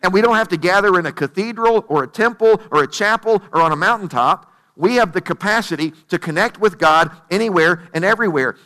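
A man's voice: high voice, a little fast, bright, forceful tone, big-room sound. A male pastor preaching a sermon in a conversational storytelling way, asking the congregation rhetorical questions.

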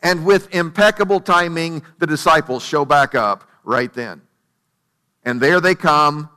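A man's voice: a little high, measured pace, sharp tone, smooth, long reverb tail. A male pastor preaching a sermon in a conversational storytelling way, asking the congregation rhetorical questions.

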